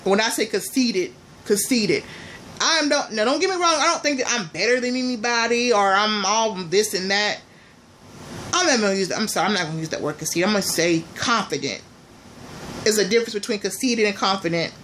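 A woman vlogger chatting casually and playfully to her viewers, calling them y'all, with loud bursts between quieter asides. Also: medium pitch, fast, a little hiss or hum. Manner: animated, swings between soft asides and loud exclamations.

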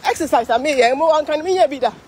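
A woman's voice: high-pitched, very fast, darkish tone, slight background noise. A Ghanaian woman vlogging live while walking along a street parade, tired from the walk, chatty and exclaiming. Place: outdoor city street at a parade.

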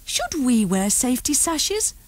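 A woman's voice: sits high, very animated, unhurried, dry recording. A woman voicing a confident, bubbly little girl, a twin, in a children's storybook. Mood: curious. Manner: boastful, bubbly.

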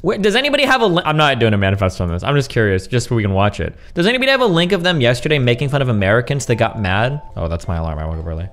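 A man's voice: medium pitch, very animated, very fast, hardly any pauses, fairly bright tone. A man ranting on a livestream in a heated, profane, mocking way. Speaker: streamer. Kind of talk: casual livestream rant.

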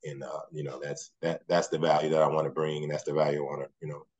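Deep low guy in his 40s, husky, keeps saying you know, laid back interview chat. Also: flat delivery, quick pace. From Mississippi, USA. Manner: soft-spoken, trails off often with "you know". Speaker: guest, former basketball player and coach.

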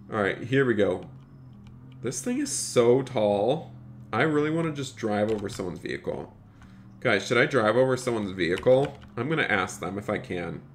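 A man live-streaming a game, chatty, thanking viewers by name and talking to "you guys" a lot. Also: lowish voice. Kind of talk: live-streamed gameplay commentary.

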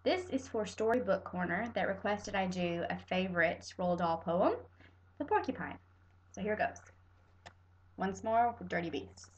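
Animated young woman reciting a storybook poem. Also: medium pitch, measured pace, rough recording. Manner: playful, animated. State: stuffy nose. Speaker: poetry reader.

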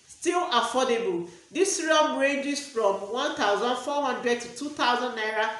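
A woman's voice: fairly high pitch, expressive, unhurried, fairly bright tone. A woman with a Nigerian English accent gives a casual skincare product review, often repeating words and restarting phrases as she explains. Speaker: skincare vlogger. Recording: very echoey room.

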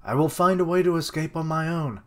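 A young boy lord speaks up bravely, pitched high and loud, earnest and defiant, voiced by a man reading a comic. Every line is declaimed with raised intensity. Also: brisk, close to an everyday voice.

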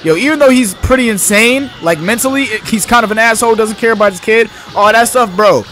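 A young man giving live, excitable, slang-heavy commentary as he plays a video game. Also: sits high, fairly quick. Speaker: gamer.

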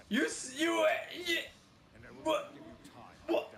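This gamer speaks unhurriedly in a slightly bright, medium-pitched voice with lively intonation. Game music plays as they casually comment on their own gameplay, sounding incredulous, asking the same questions again and breaking into laughter.

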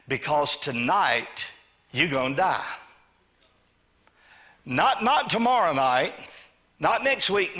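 In a church sanctuary, a pastor with a sharp, highish voice preaches call-and-response, urging the congregation to say amen. He acts out his story's characters, a greedy man and God.

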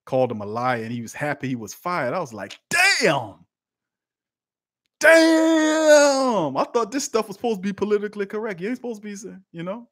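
A man, hosting a live-streamed sports talk show and chatting with his viewers, swinging between loud outbursts and quiet asides. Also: sits high, racing, few pauses, no room sound, clean studio sound. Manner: lively and conversational, talks to chat, swings from loud to quiet.

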